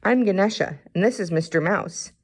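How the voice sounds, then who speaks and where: A woman's voice: mid-range voice, moderate pace, lightly acted. Childlike, whiny, boy god with elephant head, storybook, woman reader. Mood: eager. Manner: childlike, whiny when upset. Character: chubby boy elephant-headed god, sweet-loving and sulky.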